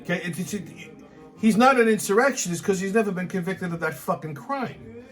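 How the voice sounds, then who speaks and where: With a high-pitched, slightly bright voice and lively intonation, this man talks a little fast over faint background music. He is the host of a political commentary show, ranting with anger and emphasis. He swears nonstop and keeps repeating himself.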